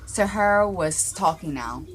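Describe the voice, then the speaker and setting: A woman's voice: on the low side, animated, unhurried, slight background noise. A woman narrating a first-person story aloud, with small slips and restarts as she reads.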